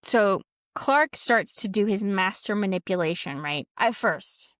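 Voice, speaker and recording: Podcast host, woman, mid-pitched, chatty storyteller, dry close mic, quick asides. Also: lively intonation, a bit bright, dry recording. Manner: chatty, lots of "like", quotes people in quick asides. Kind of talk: casual storytelling chat.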